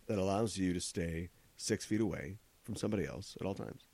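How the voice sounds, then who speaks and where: A man's voice: sits low, brisk, darkish tone. A man from Minnesota co-hosting a podcast, joking and teasing in rambling casual banter. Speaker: podcast co-host.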